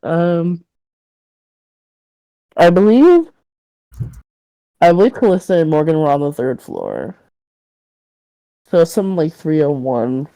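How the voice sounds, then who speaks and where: Woman game master, low mellow voice, loose rambling narration. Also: wildly swooping pitch, slow pace, pauses often, no room sound, rough recording. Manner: casual, rambling, with fillers and laughs.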